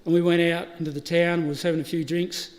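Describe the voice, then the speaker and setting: A middle-aged Australian man, speaking quickly with a flat delivery in a slightly high voice, gives a chatty eulogy at a funeral service. He tells stories with laughs and restarts, and the live stream has hall reverb.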